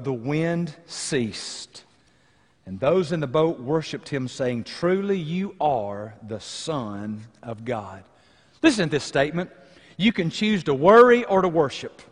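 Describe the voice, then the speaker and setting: A man preaching a sermon as pastor, swinging between loud emphasis and hushed, quiet lines. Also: high-pitched, long reverb tail. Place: church sanctuary.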